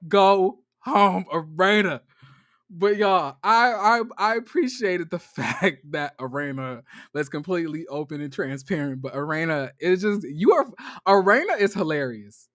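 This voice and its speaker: A man casually recapping a reality show for his audience. He talks in an animated, gossipy way and laughs often. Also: a little high, dry recording, studio quality. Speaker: commentary vlogger. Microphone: camera mic.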